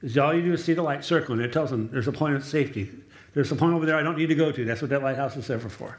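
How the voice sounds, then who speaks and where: A male pastor and chaplain preaches a sermon in church, telling stories conversationally and asking the congregation for amens. His medium-pitched voice races along, and the sound is roomy.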